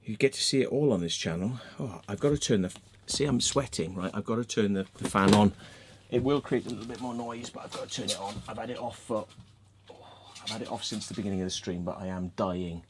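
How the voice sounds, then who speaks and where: A middle-aged British man hosting a casual livestream, telling a story in a sweary, excitable way and acting out the voices of the people in it. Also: on the low side, a little fast, noisy background. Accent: British English. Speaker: livestream host. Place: home room with fan and dog.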